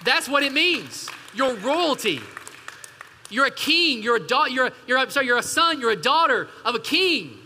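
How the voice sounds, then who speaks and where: A man's voice: very high voice, big pitch swings, moderate pace, bright, forceful tone, some chatter behind, slight background noise. A male pastor, preaching a sermon with emphatic call-and-response asides to his congregation. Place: church hall. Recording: church hall reverb.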